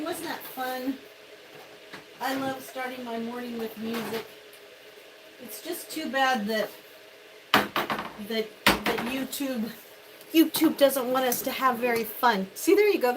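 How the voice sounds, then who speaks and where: An older woman with a high voice hosts a casual cooking live stream from her home kitchen, with background noise audible. Chatty and bubbly, she greets viewers by name.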